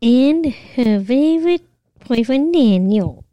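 A woman voicing the hosts' pet dog in a shy, hesitant, soft-spoken way. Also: sits high, animated, slow, no echo.

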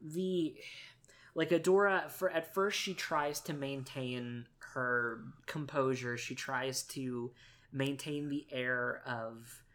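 Man, podcast co-host, casual chat, animated, emphatic, restarts, medium pitch. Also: slow pace. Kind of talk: casual chat recapping a cartoon.

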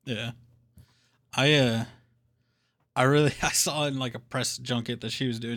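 A man co-hosting a casual movie chat, soft-spoken and quick to laugh. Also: mid-range voice, fairly even intonation. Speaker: podcast co-host.

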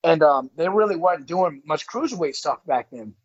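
A man's voice: a little high, animated, normal speed. A man in his forties, a former pro wrestler, casually telling a story as a guest, swearing and saying "bro" a lot. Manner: profane, rambling, says "bro" a lot. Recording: dull lo-fi audio.

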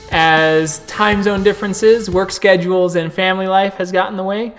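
A man's voice: high-pitched, a bit bright. Storyteller man narrating a tabletop game. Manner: vivid, gory play-by-play narration.

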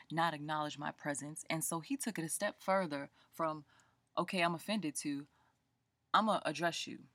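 A woman speaking tells a story in a casual, animated rant, and she acts out the people in it. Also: low-pitched, dry recording. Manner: animated, colloquial, quoting people in voices. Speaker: book vlogger.

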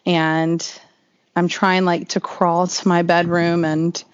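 A woman's voice: lowish voice, little pitch movement, slow pace, smooth. A woman telling a long personal story as an interview guest, in a rambling, chatty way full of "like". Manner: chatty, rambling, heavy use of "like". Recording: slightly dull lo-fi recording.

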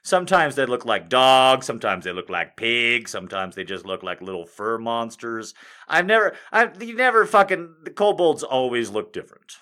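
A man's voice: mid-range voice, animated, normal speed, bright, forceful tone. A man hosting a comic video, rambling and swearing a lot as he rants and then reads fanfic aloud. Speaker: comedic video host. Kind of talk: comic rant and fanfic reading.

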